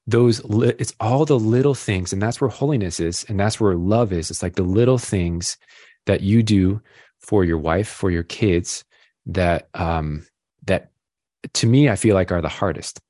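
A man's voice: low voice, measured pace, mellow, no room sound, studio quality. A young father as a podcast guest, telling stories in a rambling, self-deprecating way with lots of fillers. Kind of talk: casual chat.

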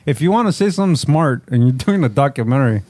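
A man's voice: medium pitch, animated, fast talker, darkish tone, dry recording. A man in casual banter with friends on a podcast, cursing and joking, mixing Spanish slang into his English.

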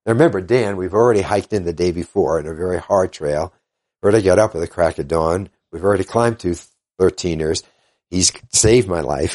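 Older guy, really low voice, earnest and halting, quoting people as he tells it. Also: a little mellow. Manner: earnest, halting, retells others' words in dialogue. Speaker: interview guest. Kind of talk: casual storytelling interview.

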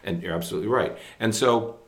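A man's voice: lowish voice, quick pace. A middle-aged man and educator co-hosting a parenting talk show, speaking emphatically and acting out what kids and parents say. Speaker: podcast co-host, educator. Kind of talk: casual parenting advice chat.

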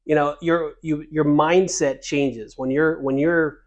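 Man, podcast co-host, slightly higher voice, animated storyteller, chuckles mid-sentence. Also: a little slow. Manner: animated storyteller, laughs while telling. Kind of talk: casual chat. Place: cruise ship.

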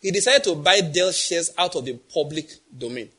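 A middle-aged Nigerian pastor preaches in a high, husky voice. He drives his points home emphatically and keeps firing the same question at the congregation until someone answers. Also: expressive, normal speed, bright, forceful tone. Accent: Nigerian English. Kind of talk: sermon.

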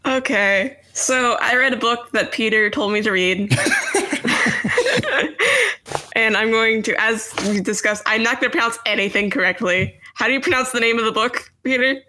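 A woman with a bright, sharp voice co-hosts a casual book-club podcast. She chats in a self-deprecating way and breaks into laughter often. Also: a little high, fairly quick. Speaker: podcast co-host.

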